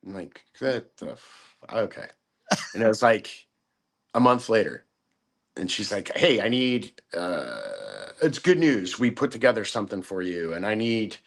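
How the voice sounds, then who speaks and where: A man as a podcast guest, casually telling a story, swearing freely and acting out other people's voices. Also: on the low side. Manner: profane, acts out quoted voices.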